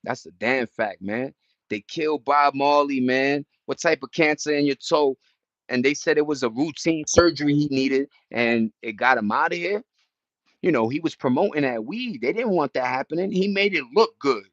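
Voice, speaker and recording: A young man talks with a somewhat high voice in loose, slangy chat. He rambles and restarts his sentences. The sound is muffled and dead dry. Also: moderate pace, fairly bright tone, no echo. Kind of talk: casual chat.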